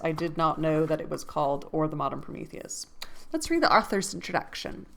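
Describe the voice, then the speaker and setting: A woman's voice: sits low, lively intonation, a little fast, vocal fry, a bit bright. A woman reading a classic novel aloud in a casual way. She stops to look things up and makes joking asides. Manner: laughs to herself, jokey asides. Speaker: book-club host.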